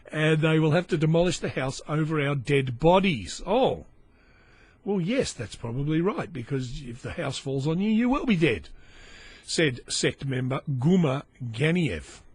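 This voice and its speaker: A middle-aged man reads news items for his podcast and keeps breaking off into wry, meandering comments. His voice sits a touch high and husky. It comes across close and dry, with no room sound. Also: dry recording. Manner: sardonic, rambling asides, stumbles over foreign names. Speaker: podcast host. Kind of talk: reading news aloud with running commentary.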